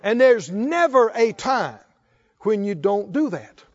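A male pastor delivers a sermon in a very high, lively voice. He preaches slowly and emphatically, building to fervent calls. The recording sounds dull and lo-fi.

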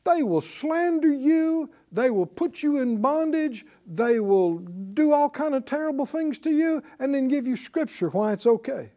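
A Bible teacher giving a broadcast lesson in an animated, conversational way, asking the audience questions and chuckling while teaching. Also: high voice, normal speed, hardly any pauses.

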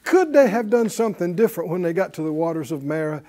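A man teaching a Bible class in a preaching style, folksy and animated, chuckling often and leading the class in call-and-response. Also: high-pitched, quick pace.

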